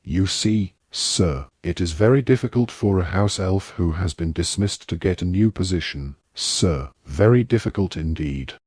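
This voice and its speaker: A man voicing an eager, servile little male house elf who squeaks and calls everyone sir. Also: normal speed, hardly any pauses, darkish tone, husky, no room sound, studio quality. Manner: squeaky, polite, says sir constantly.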